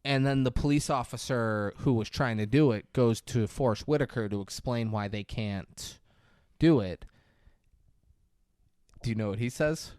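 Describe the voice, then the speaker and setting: A man's voice: mid-range voice, measured pace, darkish tone, smooth, dry recording, clean studio sound. A man hosting a casual comedy podcast, retelling a movie scene in a sarcastic, profane way. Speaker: podcast host.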